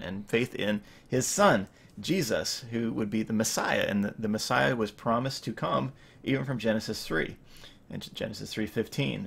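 A man's voice: lowish voice, creaky, husky. A man in his thirties giving an informal sermon as pastor, rambling with many fillers and restarts.

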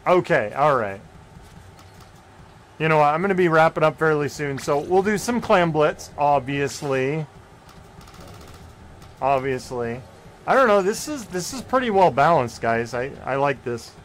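A young man streaming a game live, chatting casually with viewers and yelping and shouting when plays get close. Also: on the high side, a little slow, long pauses, slight background noise. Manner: excitable, yelps and shouts at close plays, joking with chat. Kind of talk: casual live gameplay commentary.

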